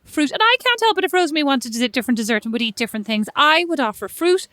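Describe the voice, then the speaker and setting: A woman's voice: high voice, lively intonation, racing, a bit bright, dry recording, studio quality, voice pushed up. A woman with an Irish accent imitating her older mother, defending the family's dessert habits. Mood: indignant.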